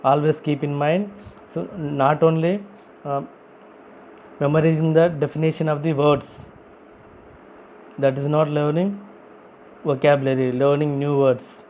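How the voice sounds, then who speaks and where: A man's voice: on the high side, fairly even intonation, unhurried, pauses often, darkish tone, a little hiss or hum, poor audio. A man who is not a native English speaker teaching a vocabulary lesson, explaining step by step, asking and answering his own questions and repeating key phrases. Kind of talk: classroom-style vocabulary lesson.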